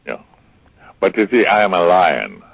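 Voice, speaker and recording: A very deep, husky older man from Trinidad tells stories with theatrical flair, repeating words and acting out the people he quotes. The sound is thin and tinny, like a phone line. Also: sing-song, normal speed, dry recording. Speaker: interview guest. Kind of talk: storytelling conversation.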